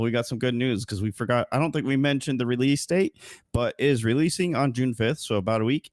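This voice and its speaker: A man's voice: mid-range voice, no room sound, studio quality. A man co-hosting a casual podcast, rambling through news with frequent fillers and self-corrections. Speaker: podcast co-host.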